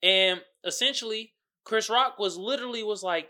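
A young man hosting a podcast, riffing in heavy slang, jumping between low mutters and loud outbursts and quoting others as he goes. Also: normal speed, hardly any pauses. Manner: heavy slang and fillers, quotes others in character. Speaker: podcast host. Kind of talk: casual commentary.

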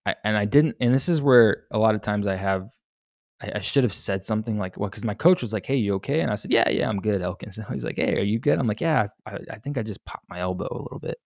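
Candid and profane, the young podcast host tells his story alone on mic, rambling and restarting often. He speaks quickly in a lowish, gravelly voice, with clean studio sound and no room echo.

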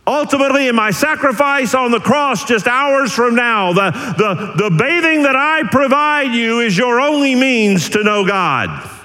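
Slow, animated preaching man. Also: extremely high pitch, in a large hall, low-quality recording. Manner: emphatic, with dramatic pauses. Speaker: pastor. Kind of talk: expository sermon.

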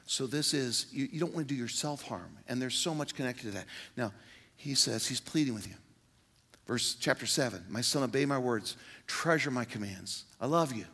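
A man's voice: medium pitch, moderate pace, bright, forceful tone. An older man preaching a sermon as pastor, earnest and pleading, with sudden emphatic outbursts.

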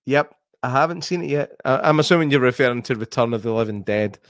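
A man's voice: mid-range voice, lively intonation, fast, no echo, clean studio sound. Sweary Scottish man chatting on a podcast. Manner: sweary, blunt, laughs a lot. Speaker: podcast co-host. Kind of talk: casual late-night chat.

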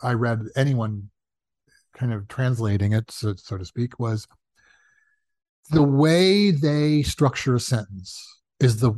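A man's voice: mid-range voice, takes it slowly, pauses often, no room sound, clean studio sound. A man talking casually as a guest about comedy writing, acting out the people he quotes. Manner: animated, acts out quoted voices. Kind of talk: casual storytelling in conversation.

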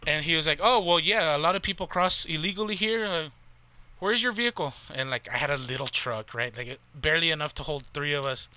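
A man's voice: fairly high pitch, quick pace, hardly any pauses, sharp tone, clear, resonant tone. A man in his thirties from near the Texas border, telling a rambling, profane story in casual chat with lots of fillers. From Texas, near the Mexican border.

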